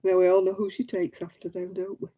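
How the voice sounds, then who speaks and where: A woman's voice: medium pitch, completely flat delivery, quick pace, mellow, slightly rough, rough recording. An older woman, chatting and telling stories with a giggle while she crafts over a video call from home. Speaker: craft stream host. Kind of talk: casual chat while crafting.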